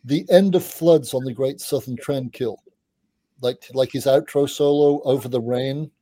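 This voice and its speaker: With a mid-range voice and a slightly slow pace, a middle-aged music journalist tells animated, wandering anecdotes as an interview guest. He swears casually, and there's no echo.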